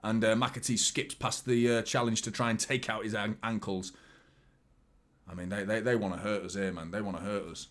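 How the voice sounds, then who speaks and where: At a moderate pace, a man hosting a football watchalong chats casually and reacts live to the game. He shifts between excited outbursts and low muttered asides in what amounts to live match commentary and chat.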